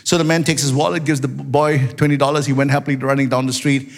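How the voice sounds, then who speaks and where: Animated preacher in a reverberant church. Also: male voice, mid-range voice, quick pace, gravelly. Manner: animated storyteller, shouting at the climax. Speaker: pastor. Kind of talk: sermon. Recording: long hall reverb in a church.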